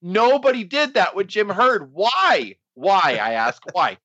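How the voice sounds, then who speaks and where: A lively, high-pitched man rants on a casual wrestling podcast, swinging his voice up and down. His tone is bright and sharp, and he swears freely. The sound is dry and a bit dull, like a lo-fi podcast mic. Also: takes it slowly, no echo. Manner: animated, profane, laughing, does mocking voices. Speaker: podcast co-host.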